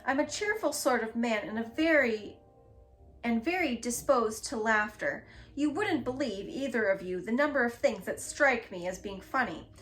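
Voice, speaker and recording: A woman's voice: fairly high pitch, expressive, moderate pace, fairly bright tone, faint music behind. A woman reading a storybook aloud, voicing a round, jolly man who is cheerful and apologetic. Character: round, jolly middle-aged man, laughter-prone.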